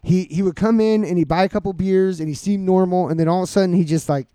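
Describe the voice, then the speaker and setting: A young man with a fairly high voice tells a story at length, swearing freely and leaning on "like" and "dude". The sound is close and dry, with no room echo. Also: steady tone, fast talker, warm tone, smooth. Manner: profane, rambling, filler-heavy. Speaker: podcast host. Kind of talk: casual storytelling among friends.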